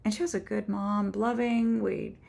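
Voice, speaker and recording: A woman in her seventies telling a heartfelt personal faith story on her own channel, halting and earnest with frequent restarts. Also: medium pitch, steady tone, vocal fry, mellow. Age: 70s. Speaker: author and YouTuber. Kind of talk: personal faith testimony vlog.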